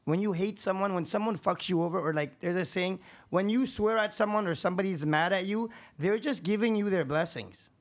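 A man's voice: high-pitched, a little fast. A man, a contractor and podcast guest, talking in casual chat with a profane, emphatic, preachy manner.

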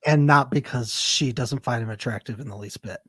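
A young man co-hosting a podcast, trading deadpan sarcastic jokes and laughing often. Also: mid-range voice, a little fast, slightly rough, no room sound. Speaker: podcast co-host. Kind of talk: casual chat.

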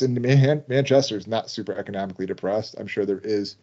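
A man's voice: lowish voice, quick pace, dark tone. A man co-hosting a casual podcast chat, blunt and swearing freely. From New Hampshire. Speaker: podcast co-host. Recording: dull lo-fi sound.

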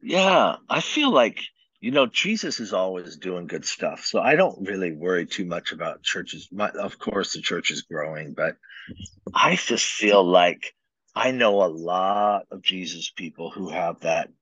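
A man, a pastor, relaxed and anecdotal, telling stories as a guest in an interview. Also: deep voice, measured pace, no echo. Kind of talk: casual storytelling in an interview. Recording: dull lo-fi sound.

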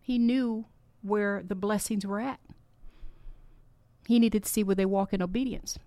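A woman's voice: mid-range voice, steady tone, measured pace, dark tone, no echo. A woman hosting a podcast, giving a heartfelt, encouraging faith talk with personal stories that ramble and restart. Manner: earnest, heartfelt, exhorting. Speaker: podcast host.

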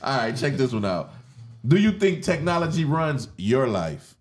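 A man's voice: medium pitch, very animated, moderate pace. A man hosting a casual group podcast, laughing often and steering the talk back to the topic. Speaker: podcast host.

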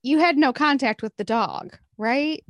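Co-host, woman, high bright pitch, inquisitive and casual. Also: measured pace, dull audio. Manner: curious, asks follow-up questions. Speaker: podcast co-host. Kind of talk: casual chat.

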